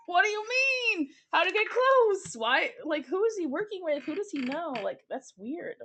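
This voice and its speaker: A woman co-hosting a book podcast, excitable and swearing casually in chat. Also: very high-pitched, measured pace, slight background noise. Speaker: podcast co-host.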